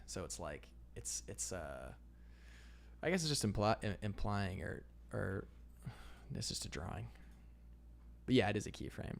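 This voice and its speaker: A young illustrator chats casually on a livestream, reading out comments and rambling laid-back with drawn-out fillers, calling the chat "man." His voice is fairly low, animated and creaky, with slight background noise.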